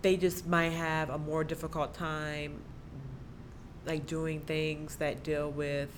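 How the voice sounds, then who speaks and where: Low-voiced woman, lively talker. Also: takes it slowly, a little hiss or hum. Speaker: guest, special education teacher. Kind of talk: conversational podcast interview.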